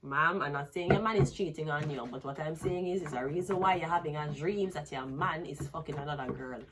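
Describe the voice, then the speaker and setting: A woman's voice: low-pitched, brisk, a crowd in the background. Woman, tarot reader, blunt, rambling, crude casual delivery. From Jamaica. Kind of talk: casual tarot reading with sung snippets.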